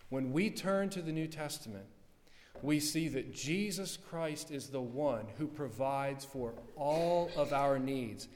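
Fervent preacher in a reverberant hall. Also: male voice, mid-range voice, slow. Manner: fervent, swinging from loud to hushed. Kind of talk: sermon.

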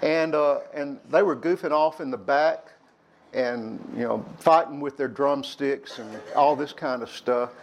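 A man's voice: mid-range voice, a little slow, slight background noise. An older man telling candid personal stories to young people. He rambles a little and acts out old quarrels by raising his voice. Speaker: speaker addressing young people. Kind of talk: personal storytelling talk.

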